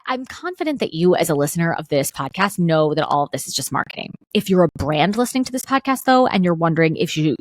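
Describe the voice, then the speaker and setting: A woman's voice: fairly low pitch, no room sound. Chatty, opinionated woman podcast host. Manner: chatty, opinionated, lively asides with laughs. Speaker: podcast host and registered dietitian. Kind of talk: solo podcast commentary.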